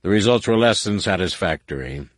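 A man voicing a stern, menacing alien male war master with a rasping, growling delivery. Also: sits low, lively intonation, brisk, no room sound, studio quality, voice pushed up. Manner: curt, threatening.

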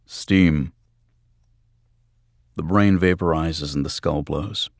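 A man's voice: extremely low pitch, slow pace, dry recording, clean studio sound, full character voice. A man reading an audiobook, voicing a hard-bitten male mercenary who speaks tersely and grimly. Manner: terse, grim, matter-of-fact.

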